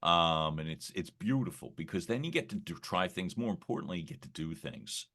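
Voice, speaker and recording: Low bright-toned man, rambling and reflective. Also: lively intonation, brisk. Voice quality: gravelly early-morning voice. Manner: reflective, rambling, frequent fillers and restarts. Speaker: podcast guest. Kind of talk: casual conversational interview.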